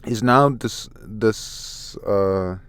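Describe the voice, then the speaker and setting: A man in a soft-spoken ASMR comic review, reading haltingly, stumbling over words and apologizing. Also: on the low side, clean tone, dry recording. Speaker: ASMR manga reader.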